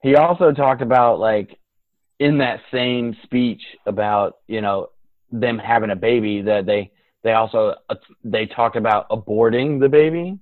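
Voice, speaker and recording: A man's voice: mid-range voice, unhurried, no echo. Profane laughing man on a tinny line. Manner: profane, laughing, acts out crowd voices. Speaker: podcast co-host. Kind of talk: casual comedic chat.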